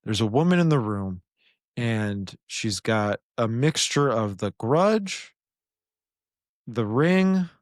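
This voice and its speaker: A man's voice: medium pitch, takes it slowly, dry recording, studio quality. A man, a podcast host, telling a story casually and intensely, full of restarts and fillers. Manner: animated, intense retelling with many restarts and fillers.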